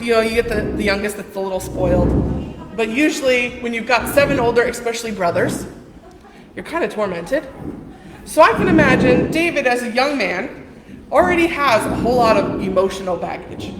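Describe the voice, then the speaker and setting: A woman's voice: a little high, lively intonation, normal speed, very noisy. A woman giving an informal, conversational sermon in a church, telling the story with quoted voices. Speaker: preacher. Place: church hall. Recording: echoey hall with long reverb.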